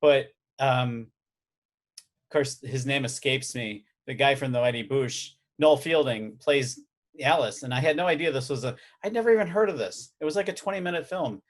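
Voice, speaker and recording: A man hosts a casual podcast chat and tells rambling stories, slipping in jokes as he goes. His voice has an ordinary, middle-of-the-road pitch. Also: normal speed. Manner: rambling, joking storyteller. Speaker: podcast host and editor.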